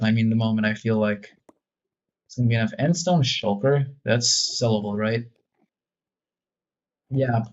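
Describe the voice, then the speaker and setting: A man's voice: medium pitch, a little mellow. Self-mocking man in lo-fi gameplay commentary. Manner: joking, self-mocking, rambling. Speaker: gaming video creator.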